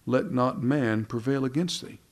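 A man's voice: medium pitch, normal speed. Man preaching in a folksy, conversational way. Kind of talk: sermon.

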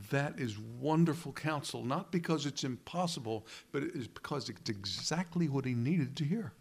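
Preaching with animated, emphatic earnestness, a man builds dramatic pauses into his sermon. Quoted passages come out low and hushed.

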